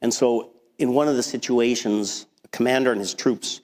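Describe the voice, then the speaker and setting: A man preaching a sermon as pastor, talking in a conversational, animated way with frequent restarts. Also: mid-range voice, normal speed. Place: church sanctuary. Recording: long hall reverb.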